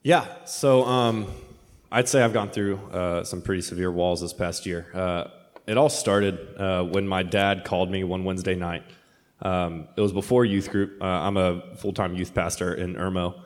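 A man who is a youth pastor, giving a personal testimony in a plain, halting way. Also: low-pitched, steady tone, long reverb tail.

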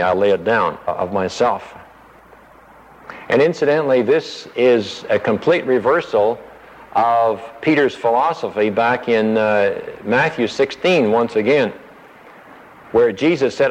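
A man teaching verse by verse from the Bible, often acting out the disciples' words in a raised, pleading voice. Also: medium pitch. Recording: dull radio broadcast with long reverb.

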